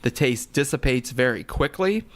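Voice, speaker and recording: A man co-hosting a beer podcast, talking in a casual, playful, high-energy way. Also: lively intonation, normal speed. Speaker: returning podcast co-host. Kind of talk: casual chat.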